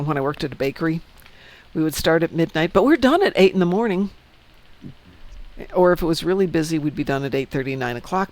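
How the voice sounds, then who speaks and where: A man from Chicago hosting a game stream, chatting casually and joking as he goes. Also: fairly high pitch. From Chicago, United States. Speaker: stream host. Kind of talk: casual chat while gaming.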